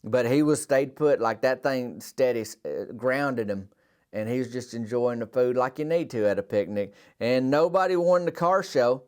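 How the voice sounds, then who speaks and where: A man's voice: mid-range voice, animated, normal speed, darkish tone, clear, resonant tone. A man with a Southern American accent telling a rambling comic story in a dry, folksy way as a podcast host. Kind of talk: deadpan rural comic storytelling.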